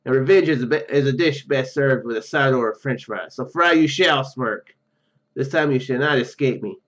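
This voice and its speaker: A man's voice: mid-range voice, moderate pace, a bit bright, natural voice. A man voicing a pompous, vengeful villain who hosts an island, with theatrical menace. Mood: menacing. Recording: dull muffled recording with faint game music.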